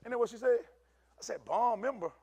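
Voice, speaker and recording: Pastor preaching in church, high-pitched man, animated and chatty, close dry mic. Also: fairly quick, slightly rough, dry recording. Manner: animated preaching, swings from shouting to low asides; conversational, uses African American Vernacular English. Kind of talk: sermon.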